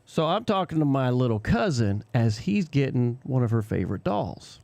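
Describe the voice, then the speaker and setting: A man's voice: mid-range voice, moderate pace, vocal fry, no room sound. A man co-hosting a radio show, telling a childhood story in a casual chat and laughing often as he goes. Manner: laughs often while telling stories, animated. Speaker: co-host. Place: radio studio.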